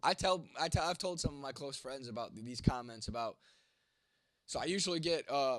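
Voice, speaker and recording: The recording is dry, and his mid-range voice moves a little fast. He's a 29-year-old content creator at home at night, losing his voice and congested from a cold, replying to livestream chat in a blunt, heavily profane style.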